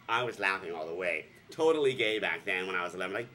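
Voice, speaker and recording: Playful sarcastic man with a lively voice. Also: a little fast, slight background noise. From Vermont, USA. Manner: playful and sarcastic, jumping into squealing high voices. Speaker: vlogger. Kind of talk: casual comic storytelling.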